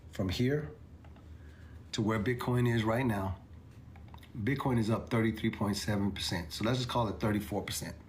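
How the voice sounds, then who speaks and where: A man's voice: on the low side, a little hiss or hum. A man hosting a livestream, talking viewers through crypto charts in an emphatic, repetitive way that climbs to incredulous exclamations. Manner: emphatic, repeats himself, rising to incredulous exclamations. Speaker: crypto commentator.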